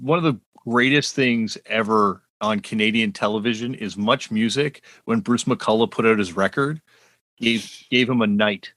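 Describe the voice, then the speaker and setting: A man's voice: fairly low pitch, moderate pace, a bit bright, no room sound. A man hosting a podcast in casual conversation, easygoing with brief encouraging replies. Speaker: podcast host.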